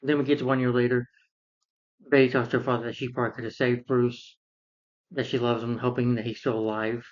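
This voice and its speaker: A man rants casually about a film he dislikes, rambling through the plot and acting out the characters as he goes. His voice sits at an ordinary middle pitch. The recording sounds slightly dull and lo-fi. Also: flat delivery, brisk. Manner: rambling, retells scenes and acts out characters. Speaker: film reviewer. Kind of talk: casual film review rant.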